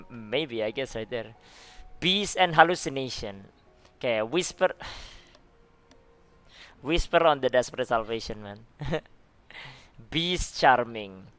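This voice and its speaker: A man's voice: mid-range voice, expressive, slow pace, pauses often, fairly bright tone, smooth. A man giving laid-back, chatty commentary on a live stream, often laughing and tossing in "man" and "dude.". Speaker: streamer reacting to game forum posts. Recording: faint music behind the voice.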